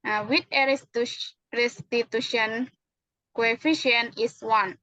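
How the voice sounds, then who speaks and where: A woman's voice: fairly high pitch, steady tone, unhurried, pushed and bright, no room sound. A young woman with an Indonesian accent explaining physics formulas carefully in a classroom manner, with frequent hesitations. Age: young adult. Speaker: university student acting as physics teacher. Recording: dry, dull lo-fi sound.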